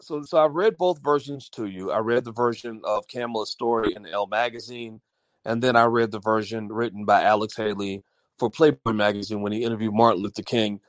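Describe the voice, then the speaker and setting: A man's voice: lowish voice, steady tone, fairly quick, no echo. A man hosting an audio-only livestream, talking casually to his chat and reading viewers' comments, with many fillers and restarts. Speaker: livestream host.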